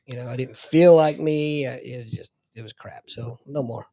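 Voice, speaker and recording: A man co-hosting a podcast in casual chat, agreeing supportively and finishing his partner's sentences, often trailing off quietly. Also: mid-range voice, moderate pace, dry recording. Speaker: podcast co-host.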